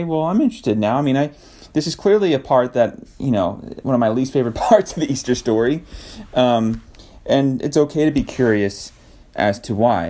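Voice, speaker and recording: A man hosting a casual devotional talk, thinking aloud with restarts and soft laughs. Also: fairly low pitch. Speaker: podcast host.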